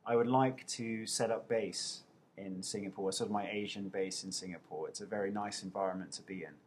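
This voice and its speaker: A man's voice: lowish voice, fairly even intonation, fairly quick, a little hiss or hum. A young man with an English accent, casually answering viewers' questions over a webcam, chatty and poking fun at himself. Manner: chatty, self-mocking, playful.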